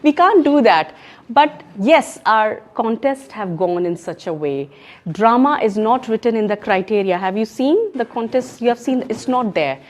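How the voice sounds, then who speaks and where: A woman with a Pakistani accent giving an emphatic, animated talk on public speaking at a club meeting. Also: on the high side. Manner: emphatic and animated, mixing in Urdu phrases. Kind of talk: education session talk. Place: meeting room in a co-working space.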